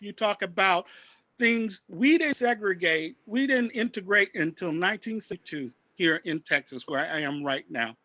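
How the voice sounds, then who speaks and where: A man speaking with fierce conviction on a panel, his voice bright and pushed forward. The sound is dry and dull, like a lo-fi video-call microphone with little air around it. He talks somewhat high for a man and hits his points hard. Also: dry recording. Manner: impassioned, forceful.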